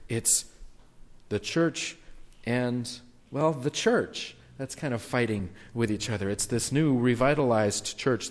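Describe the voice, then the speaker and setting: A man preaching a conversational sermon to a congregation, acting out quotes with lively energy. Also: medium pitch. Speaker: pastor. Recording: long reverb of a hall.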